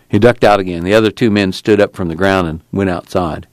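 Calm male audiobook narrator. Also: low voice, a little fast, dry recording, studio quality.

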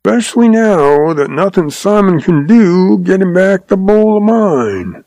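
A man voicing a shrewd, calm old cowboy with a drawl, patient and amused. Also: sits high, measured pace, no room sound, pitched above the performer's own voice, exaggerated voice. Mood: sly calm. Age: older.

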